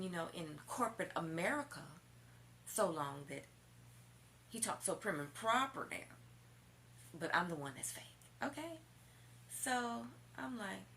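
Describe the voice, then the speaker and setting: Sassy gravelly woman vlogger telling a story. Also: fairly low pitch, a little hiss or hum. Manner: candid, animated and sassy, addresses viewers as y'all, swears. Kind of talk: storytime vlog.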